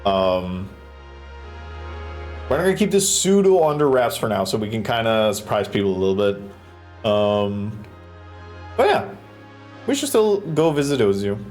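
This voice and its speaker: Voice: medium pitch, sing-song, unhurried, pauses often, a little mellow, faint music behind. A streamer chatting on a live stream while building a stage, swearing freely and making goofy sound effects.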